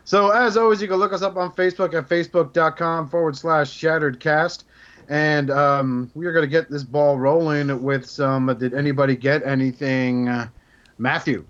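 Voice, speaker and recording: A man's voice: on the high side, fairly even intonation, normal speed, a bit bright, dull audio. Joking male podcast host. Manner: joking, teasing, loose. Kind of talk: casual chat.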